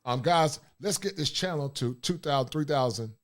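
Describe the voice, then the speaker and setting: A man's voice: on the high side, normal speed. A man hosting a casual livestream, talking bluntly in a preachy, streetwise way. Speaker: livestream host.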